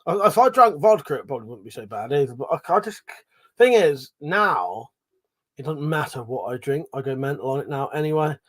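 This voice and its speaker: A man's voice: fairly high pitch, sing-song, fairly quick. A middle-aged man hosting a casual livestream, reading chat messages aloud, swearing freely, laughing and mumbling asides. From Britain.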